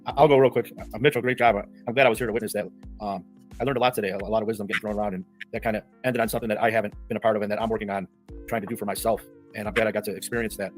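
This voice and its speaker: A man's voice: on the low side, fairly even intonation, racing, faint music behind. A man on an online podcast panel, thanking everyone in a grateful, hesitant way. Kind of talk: casual call-in panel talk.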